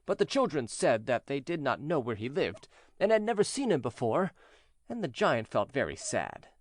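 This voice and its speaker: A man narrating a fairy tale for English learners in a clear, measured, expressive way. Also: mid-range voice, dry recording, clean studio sound. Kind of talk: storybook reading for English learners.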